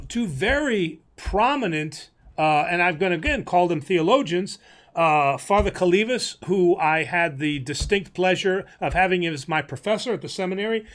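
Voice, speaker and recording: Priest guy on a livestream, high-ish voice, rambly, lots of ums, laughs a lot. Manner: chatty, laughs easily, many fillers and restarts. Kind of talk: casual livestream teaching.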